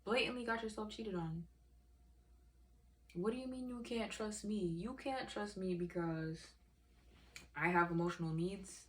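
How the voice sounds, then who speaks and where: A woman's voice: medium pitch, unhurried, long pauses. A woman ranting in a vlog, profane, heated and exasperated as she tells her story. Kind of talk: emotional rant vlog.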